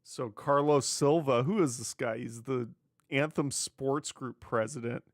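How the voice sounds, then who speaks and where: A man's voice: medium pitch, measured pace, no echo, clean studio sound. A man hosting his own wrestling news show, chatting casually on his own, sarcastic and swearing freely. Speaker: wrestling news podcast host. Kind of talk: casual solo commentary.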